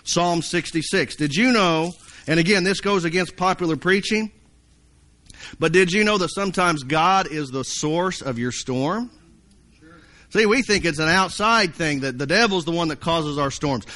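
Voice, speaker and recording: A man's voice: fairly high pitch, lively intonation, normal speed, bright, forceful tone. A man preaching a sermon, folksy and storytelling, sometimes acting out panicked voices. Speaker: pastor.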